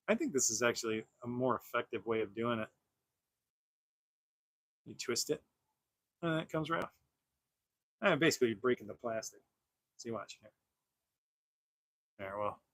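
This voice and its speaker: A man's voice: mid-range voice, expressive, moderate pace, pauses often, bright, forceful tone, no echo. A man hosting a casual toy-collecting livestream who rambles with lots of fillers and restarts. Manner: rambling, many fillers and restarts, laughs often. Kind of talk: casual livestream chat while unboxing.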